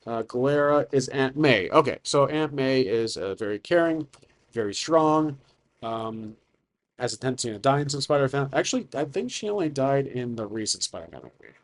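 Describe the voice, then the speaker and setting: A man narrating his own solo tabletop campaign at a mid-range pitch. He talks casually and thinks aloud, musing over names and details as he goes. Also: lively intonation, moderate pace. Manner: rambling, thinks aloud with fillers. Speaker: solo game master and narrator.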